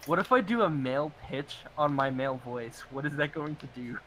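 A man's voice: on the high side, a little fast, fairly bright tone. A teenage boy chatting casually online, curious and talkative, on a noisy home mic. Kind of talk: casual online group chat.

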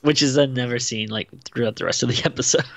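A man's voice: mid-range voice, fairly even intonation, fast talker, gravelly, fairly bright tone, no echo. Laid-back man co-hosting, dry sound. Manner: laid-back, laughs often. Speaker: podcast co-host. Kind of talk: casual review chat.

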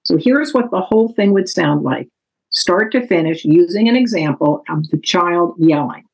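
A woman author giving a calm, measured, instructive talk that explains parenting strategies from her book. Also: lowish voice, creaky, husky, poor audio.

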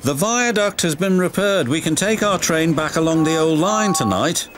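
A man voicing a calm, practical middle-aged engine driver in a storybook reading. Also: on the high side, normal speed, noisy background, pitched above the performer's own voice, lightly acted. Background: music.

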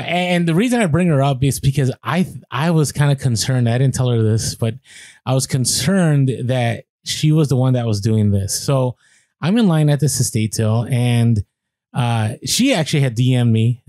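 Man telling a lively story, dry sound. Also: medium pitch, dry recording. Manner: animated anecdote telling with quoted voices and restarts. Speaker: podcast co-host. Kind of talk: casual podcast storytelling.

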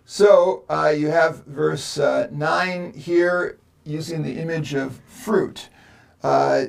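A man, a seminary professor, explaining a Bible passage verse by verse in a podcast lecture, slow and halting with many fillers. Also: fairly high pitch, fairly even intonation, vocal fry.

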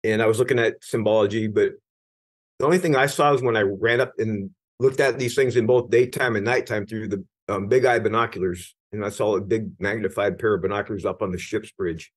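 A middle-aged retired Navy senior chief from the United States tells his own story in an interview, his voice lowish, steady, husky and a little fast. He's candid and earnest, at times emphatic, and often restarts his sentences.

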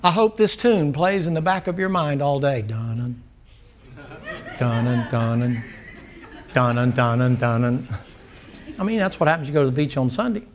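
A man's voice: on the high side, fast talker, few pauses, a crowd in the background. A man preaching a sermon to a church congregation, telling folksy, humorous stories. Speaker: pastor. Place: church sanctuary before a congregation. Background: congregation answering amen.

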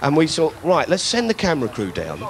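A man's voice: a little high, wildly swooping pitch, fairly quick, a little hiss or hum. A man doing stand-up political comedy, ranting in mock indignation with plenty of swearing. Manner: acts out other people's voices.

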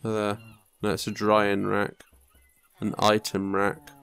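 A man's voice: fairly low pitch, monotone, slow pace, creaky, fairly bright tone, clear, resonant tone. A young man muttering to himself and swearing casually while commenting on his own gameplay. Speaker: gaming YouTuber. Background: faint game music.

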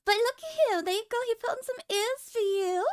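A woman's voice: very high voice, expressive, brisk. A woman streaming casually, teasing and joking with her chat and laughing often.

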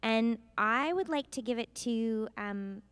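A woman's voice: fairly high pitch, slow pace, fairly bright tone, clear, resonant tone, dry recording. A woman on a convention panel stage, speaking bubbly with hesitant fillers.

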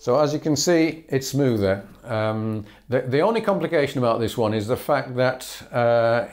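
A man's voice: mid-range voice, normal speed, faint music behind. A man teaching a fiddle lesson, explaining patterns in an easy, chatty way with small laughs and fillers. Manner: relaxed, explanatory, chuckles and fillers, counts bows aloud. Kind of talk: instructional lesson.

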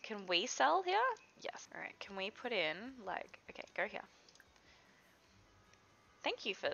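Giggly young woman gaming host, bright and gravelly. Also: medium pitch, very animated, a little slow, long pauses, dull audio. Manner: chatty, giggly, talks to her game characters. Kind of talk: casual let's-play commentary.

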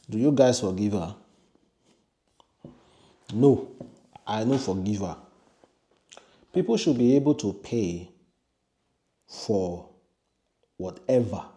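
A man's voice: on the low side, mellow. A man with a Nigerian accent giving emphatic, opinionated commentary, repeating his refusals.

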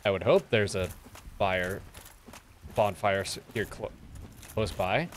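Sweary gamer in a mock British accent. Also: male voice, on the low side, takes it slowly, slight background noise. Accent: put-on British. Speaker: streamer playing a video game. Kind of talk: live gameplay commentary.

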